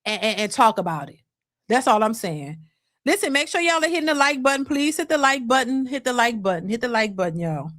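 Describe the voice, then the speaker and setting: A woman's voice: fairly high pitch, a little fast, dry recording, clean studio sound. A woman, talking casually and emphatically as host of a livestream. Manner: animated, emphatic, restarts often. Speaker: host of a reaction channel.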